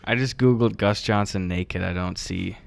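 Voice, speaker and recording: A man's voice: lowish voice, normal speed, gravelly. A young man co-hosting a podcast in casual chat, laid-back, with short replies and free swearing. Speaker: podcast co-host.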